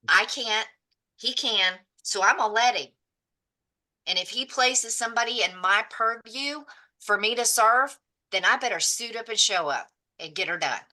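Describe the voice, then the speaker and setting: A woman's voice: mid-range voice, pushed and bright. A woman giving an impassioned, preachy motivational speech on a video call, blunt and swearing freely. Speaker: real estate agent in a mastermind group.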